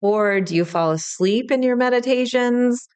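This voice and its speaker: A spiritual teacher hosting a solo podcast speaks at normal speed in a smooth, slightly high, somewhat mellow voice. The woman addresses the listener directly in a casual, chatty, comforting manner.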